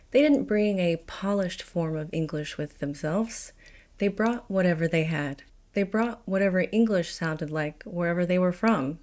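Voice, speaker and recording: A woman with an Appalachian accent hosts a scripted explainer in a slightly low voice. She tells it wryly and confidently, with dry asides. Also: darkish tone. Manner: wry, confident storytelling. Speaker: video host. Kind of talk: scripted educational narration.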